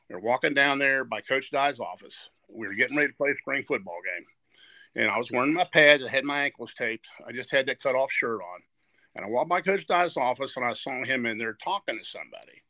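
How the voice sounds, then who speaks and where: A man's voice: medium pitch, expressive, brisk, sharp tone, dry recording. A man in his sixties from Virginia, telling stories earnestly as a podcast guest and often restarting and repeating his words. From West Virginia. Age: 60s. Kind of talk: storytelling in a podcast interview.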